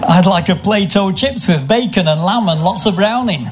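Deadpan man reading a pun-filled story. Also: high-pitched, normal speed, noisy background. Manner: deadpan delivery of literary puns. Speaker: comic poetry performer.

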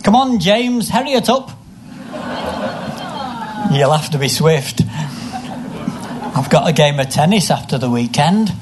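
A man performing a comic story full of literary name puns, with a deadpan delivery, recorded live. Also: fairly high pitch, a little slow, pauses often, crowd noise, background noise. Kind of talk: live comic reading of a pun-filled story.

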